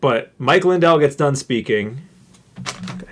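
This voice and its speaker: Animated ranting man, lively pitch. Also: a little slow, slight background noise. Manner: animated, ranting, mocking voices in quotes. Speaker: podcast co-host. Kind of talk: casual chat.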